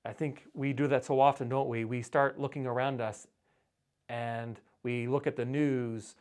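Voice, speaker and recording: A man's voice: medium pitch, steady tone, normal speed, darkish tone, clear, resonant tone. A middle-aged man preaching a sermon in a conversational, earnest way, often restarting his phrases. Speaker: pastor.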